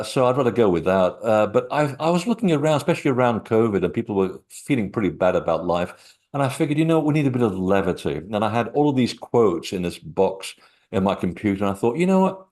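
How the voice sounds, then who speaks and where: A man's voice: on the low side, darkish tone. A middle-aged man, a guest author, talking casually in an interview and telling rambling anecdotes with many fillers.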